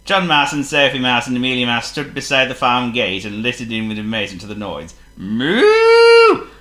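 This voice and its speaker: A man reading a children's story aloud in an expressive, playful way. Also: medium pitch, fast, roomy sound. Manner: expressive and playful, laughs as he reads.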